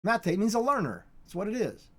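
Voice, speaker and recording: Bible teacher, informal spoken lesson, middling pitch, halting delivery with many restarts and emphatic repeats. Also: very animated. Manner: halting and repetitive, with frequent restarts and emphatic repetition.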